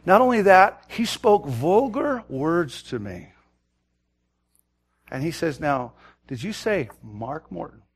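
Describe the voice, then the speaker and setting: A man delivers a sermon in a fairly high voice. He drops low to tell a personal story, then builds to loud, urgent exhortation and often repeats words as he starts a thought. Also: big pitch swings, slow, pauses often, husky. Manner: swings between loud urgent preaching and quiet storytelling. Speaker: pastor.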